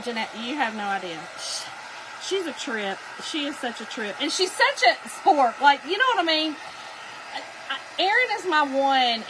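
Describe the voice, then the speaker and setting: A middle-aged woman talks through a casual craft live stream in a high, lively voice. She tells stories in a chatty way, laughs easily and calls out viewers by name, while a faint hum sits in the background. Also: low-quality recording.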